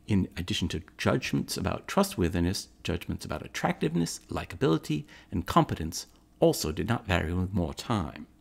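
Guy faking a posh british accent, smug clever gent, gravelly low voice that swoops around a lot. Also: full character voice. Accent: British, put on. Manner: self-assured and wry. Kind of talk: theatrical monologue to the audience.

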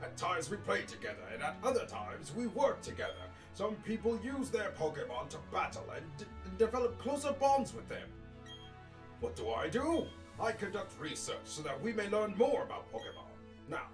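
Man voicing kindly older professor, formal, high voice, lively delivery, game music behind. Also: fairly quick. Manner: reads game dialogue aloud in a character voice. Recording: roomy distant mic with game music.

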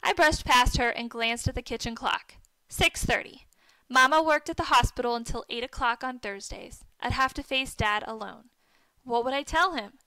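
A woman reading a children's story aloud and giving the characters' lines lively lifts. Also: a little high, moderate pace, dry recording, poor audio. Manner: reads dialogue with lively lifts for the boys' shouts. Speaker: narrator.

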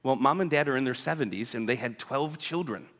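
A man's voice: medium pitch, fairly quick, a bit bright. A man telling a congregation a personal story in a chatty way, often tagging on "right?". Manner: chatty, keeps asking "right?". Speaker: guest speaker. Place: church sanctuary. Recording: long reverb in a big hall.

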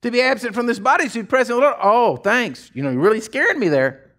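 Pastor guy preaching, folksy storytelling, voice way up high. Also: very animated, quick pace. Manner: folksy storytelling, swings from hushed asides to shouting. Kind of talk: sermon.

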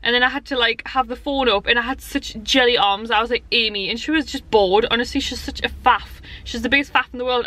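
Chatty woman vlogging, bright voice. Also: on the high side. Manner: chatty, rambling, lively storytelling. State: tired and out of breath. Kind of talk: casual vlog chat to camera. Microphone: handheld camera.

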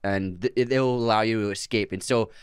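A man's voice: lowish voice, steady tone, a little fast, clear, resonant tone, no room sound, clean studio sound. Eager man explaining vampire lore. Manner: enthusiastic, explains folklore eagerly. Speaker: podcast co-host. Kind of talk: casual chat.

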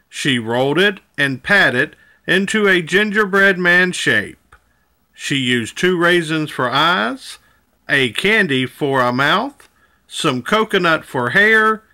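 Slow, bright-voiced male storyteller. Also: fairly high pitch. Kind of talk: children's storybook read-aloud.

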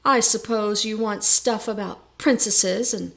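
A woman's voice: medium pitch, fairly even intonation, a little slow, vocal fry, a bit bright. A woman voicing a scowling male miller who mocks and scoffs. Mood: scornful. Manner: scornful, mocking.

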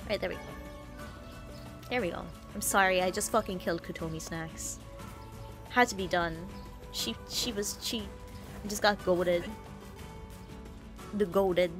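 A woman's voice: lowish voice, a little slow, long pauses, over music. A woman streaming a video game, sniffly with a cold, swearing, laughing and making mock threats at the characters. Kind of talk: live game stream chat.

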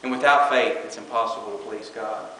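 A man's voice: fairly low pitch, fairly even intonation, fairly quick, pushed and bright, slight background noise. A man preaching a conversational sermon, stepping into quoted prayers and doubters' words as he teaches. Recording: echoey hall with long reverb.

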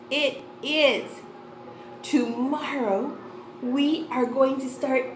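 Slow excited lady teaching phonics to little kids, high voice, bit of hiss. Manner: slow, sing-song and excited, gasping with delight. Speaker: kindergarten teacher. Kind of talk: online lesson for young children. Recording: echoey room with faint noise.

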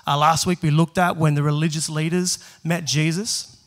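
A man preaching a sermon and reading scripture, his voice strained by a virus, often clearing his throat and chatting casually with filler words. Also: fairly high pitch, level tone, moderate pace. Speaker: pastor. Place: church.

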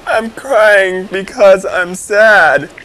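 An actress playing a tearful female office worker who speaks very slowly and simply. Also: a little high, animated, a bit bright, heavily acted, poor audio. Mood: plaintive.

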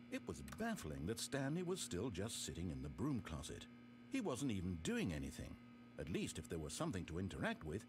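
A man voicing a dry, sardonic narrator in a game, with wry, theatrical, exasperated asides. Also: deep voice. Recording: game audio with music behind.

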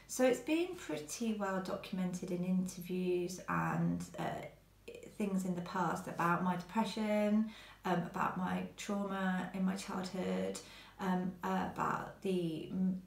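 A woman speaks earnestly to camera in a personal talk, halting with many pauses. Her voice sits at an ordinary middle pitch. The room around her is roomy and echoey. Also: vocal fry. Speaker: vlogger. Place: quiet home.

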